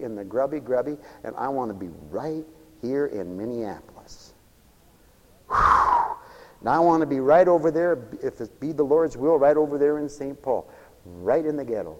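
A man preaching a folksy sermon, swinging between loud exhortation and quiet asides. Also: medium pitch. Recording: echoey hall with long reverb.

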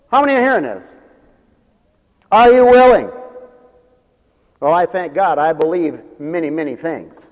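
A man's voice: high-pitched, darkish tone. A man preaching an emphatic sermon to a church congregation and a radio audience, calling out for responses. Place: church sanctuary. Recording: long hall reverb.

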